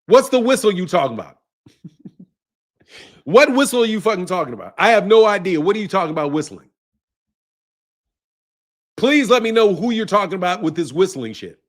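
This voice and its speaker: A man's voice: sits high, sing-song, a little fast, long pauses. A man hosting a casual boxing livestream, ranting profanely, laughing and tacking "bro" onto his lines.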